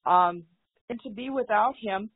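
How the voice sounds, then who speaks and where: A woman's voice: mid-range voice, a little slow, husky. A woman being interviewed as a guest, speaking in a heartfelt, devout way. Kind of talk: casual interview talk. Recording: phone-like call audio.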